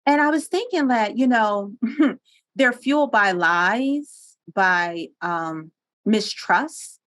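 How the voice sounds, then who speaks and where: A woman from Pennsylvania, a guest on a podcast interview, telling stories in an animated, earnest way with frequent laughs, recorded on a studio microphone. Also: mid-range voice, slow. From Pennsylvania, USA.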